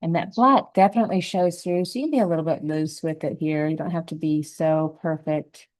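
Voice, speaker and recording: A woman giving a gentle, unhurried step-by-step painting lesson, talking through each brush stroke as she works. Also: deep voice, rough recording. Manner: gentle, unhurried, thinking aloud while painting. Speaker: painting instructor.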